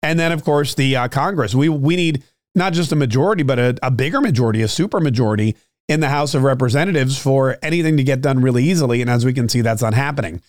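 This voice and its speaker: A man hosting a solo political commentary show, talking straight to his listeners with many fillers and restarts, his throat a little rough. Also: medium pitch, fast talker, darkish tone, dry recording, clean studio sound. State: clearing his throat, slightly choked up. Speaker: political podcast host.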